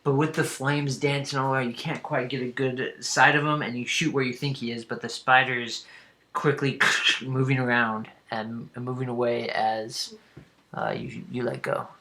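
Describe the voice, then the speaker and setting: A man's voice: medium pitch, flat delivery, bright, forceful tone. Man narrating as game master. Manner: unhurried scene narration with frequent ums.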